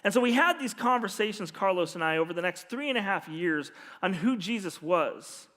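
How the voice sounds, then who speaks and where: A man preaching as a pastor, telling a personal story earnestly and dropping to a hushed voice when he quotes others. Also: high-pitched, expressive, a little fast. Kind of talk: storytelling sermon. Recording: long hall reverb.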